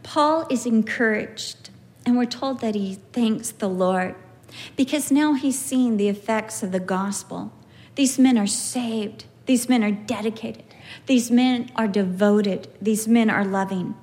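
High-voiced woman teaching the Bible. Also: unhurried. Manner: animated storytelling, acts out quoted people. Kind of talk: conversational Bible teaching with anecdotes.

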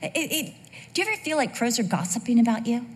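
A woman preacher delivering a sermon in an animated, joking way. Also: a little high, fast, long reverb tail.

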